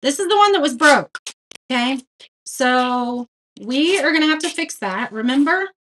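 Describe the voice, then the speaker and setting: Speaking at normal speed, this craft livestream host has a high-pitched, animated voice with a fairly bright tone. She chats casually, reads viewers' comments aloud, and laughs at her own errors self-deprecatingly.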